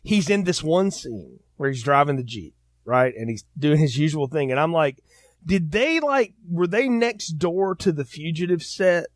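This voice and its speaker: A man with a fairly high voice, co-hosting a film review podcast. He talks casually and with energy, and now and then quotes movie lines in put-on voices. The sound is dry and close. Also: sing-song, normal speed, no room sound. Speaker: podcast co-host.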